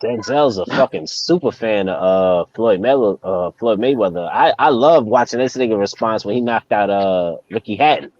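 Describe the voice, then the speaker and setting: A man's voice: lowish voice, normal speed, few pauses, no room sound, dull audio. A man co-hosting a casual, profane chat, telling stories with animation. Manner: animated storyteller, mimics voices in quotes. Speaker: podcast co-host.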